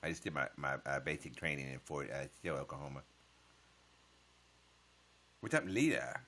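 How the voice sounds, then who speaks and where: Guy w a really low voice but big swings in pitch, cussing and cracking jokes at chat on a webcam stream. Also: animated, normal speed, pushed and bright. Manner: joking, profane smart-aleck banter. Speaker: livestreamer. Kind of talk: casual livestream chat answering viewer comments.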